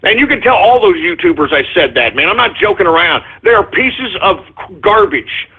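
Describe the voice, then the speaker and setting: A man's voice: high voice, lively intonation, normal speed, slightly rough. A man hosting a radio show, ranting angrily and profanely, repeating himself as he goes. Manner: angry, profane, repetitive ranting. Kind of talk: ranting call-in radio monologue. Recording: muffled phone-line audio.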